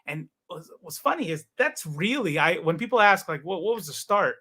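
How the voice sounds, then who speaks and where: A man's voice: high voice, lively intonation, fairly quick, few pauses, pushed and bright, husky. A man in his forties, a guest in a casual interview, telling a long personal story with many fillers and restarts. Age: 40s. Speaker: podcast guest.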